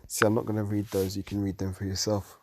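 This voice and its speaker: A tired man teaching from the Bible late at night, reading verses aloud and commenting on them slowly. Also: lowish voice, completely flat delivery, fairly bright tone. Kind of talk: scripture study talk.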